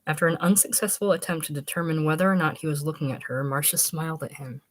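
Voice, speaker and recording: A woman narrating a short story in a steady, measured audiobook reading. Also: low voice.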